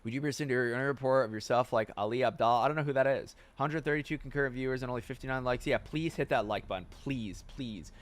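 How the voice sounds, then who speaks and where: A man's voice: mid-range voice, fast, hardly any pauses. A man in his twenties hosting a casual livestream Q&A, reading viewer questions aloud, swearing and getting worked up. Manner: animated, swears and gets fired up. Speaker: livestream host. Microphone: wearing headphones, close desk mic.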